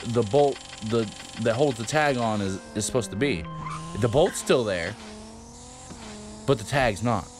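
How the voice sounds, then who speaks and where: A man in his fifties telling a story for his vlog in a casual, rambling way, with frequent swearing and fillers. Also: medium pitch. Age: 50s. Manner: rambling, profane, lots of fillers. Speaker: vlogger.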